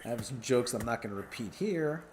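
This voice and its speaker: A man rambling through a stand-up comedy monologue, musing aloud, often stopping to clear his throat. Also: medium pitch, lively intonation, moderate pace, a little mellow, slight background noise.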